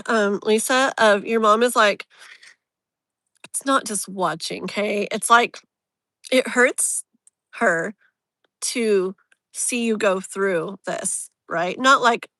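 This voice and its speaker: A woman's voice: a little high, a bit bright, no echo. A woman hosting a casual live tarot reading, rambling and emotionally open, with lots of fillers. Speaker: tarot reader, live stream host.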